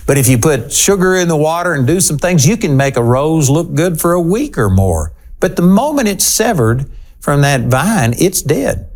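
A man preaching a sermon, emphatic and animated, slowing down to stress key words and acting out the lines he quotes. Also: fairly high pitch, a little hiss or hum. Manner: animated, acts out quoted lines with shifting inflection.

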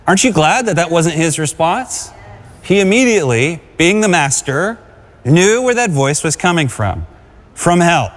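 A man's voice: on the high side, animated, moderate pace. Man preaching in a reverberant hall. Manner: exhorting, calls for congregation responses. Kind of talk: sermon.

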